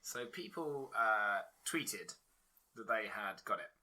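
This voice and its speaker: Bright, husky man, sweary and laughing. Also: lowish voice, takes it slowly. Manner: sweary, laughing, animated banter. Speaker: podcast co-host. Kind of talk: casual podcast chat.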